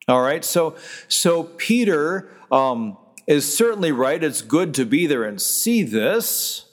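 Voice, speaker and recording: A man's voice: a little high, sing-song, slow pace, in a large hall. A man, a pastor, preaching a sermon in a conversational way, stopping to restart and quoting scripture.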